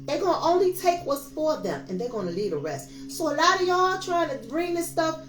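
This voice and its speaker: A woman's voice: sits high, sing-song, moderate pace. A woman in her fifties giving a casual, preachy tarot reading, talking straight to her viewers. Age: 50s. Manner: emphatic, preachy, addresses viewers as y'all. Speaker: tarot reader. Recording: echoey room with faint music.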